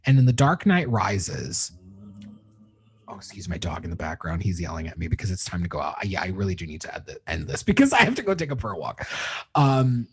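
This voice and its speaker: A man's voice: low-pitched, very animated, brisk. A young man hosting his podcast, casually retelling a film scene by scene, swearing constantly and getting emotional as he rambles. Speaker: podcast host reviewing a film. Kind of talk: casual spoiler review monologue.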